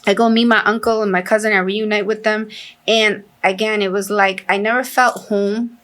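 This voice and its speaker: A middle-aged woman, a podcast guest, telling a family story in casual chat, animated and full of restarts and fillers. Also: medium pitch, moderate pace. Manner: animated storyteller who acts out the people she quotes. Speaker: podcast guest, coffee company founder.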